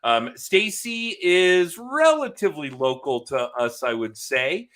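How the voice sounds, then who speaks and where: A man's voice: a little high, very animated, a little slow, a bit bright. A man hosting a podcast over a video call, talking in a loose, jokey, chatty way and laughing often. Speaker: podcast host and sales coach. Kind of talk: casual chat.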